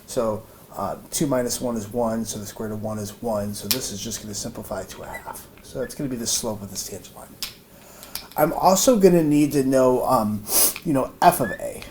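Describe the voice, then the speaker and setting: Man explaining math at a board, halting and thinking aloud, audible background noise. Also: medium pitch, a little mellow. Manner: thinks aloud with many fillers and restarts. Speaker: math teacher. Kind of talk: informal whiteboard math lesson. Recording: noisy room recording.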